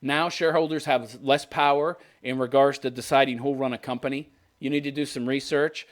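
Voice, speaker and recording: With a medium-pitched, steady voice and a brisk pace, a podcast host in his fifties rants about politics. His tone is scornful and sarcastic, and he often bursts out laughing.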